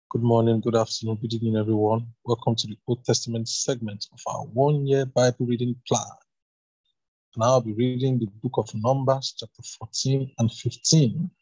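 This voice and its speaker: A man reads scripture aloud to his group. His voice is husky and at a middle pitch, pushed loud on key phrases. The room sound is dry. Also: dry recording, rough recording. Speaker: Bible reader. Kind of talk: scripture reading.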